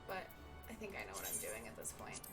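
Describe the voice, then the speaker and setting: A woman's voice: a bass voice, very animated, fast, distant mic, poor audio. A woman streaming a game live, chatting and rambling to her viewers. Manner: chatty, rambling, talks to chat. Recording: off-mic with game music.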